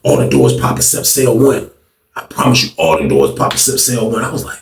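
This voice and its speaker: A man's voice: high-pitched, fast talker. Man telling a jail story, echoey room. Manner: animated, slangy, repetitive, acts out quotes. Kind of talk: casual storytelling. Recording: echoey room, distant mic.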